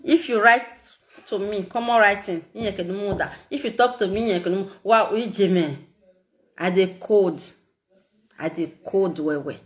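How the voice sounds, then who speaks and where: A middle-aged Nigerian woman with an Edo accent, talking in a casual, animated, repetitive way and laughing often. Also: medium pitch, moderate pace, muffled recording. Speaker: social media live streamer. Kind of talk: casual monologue in Pidgin and Edo.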